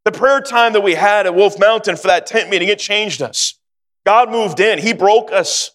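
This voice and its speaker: A male preacher with a notably high voice delivers a sermon, moving from an earnest personal story to fervent exhortation. His words ring out with a long hall reverb trailing behind them. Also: normal speed, a bit bright.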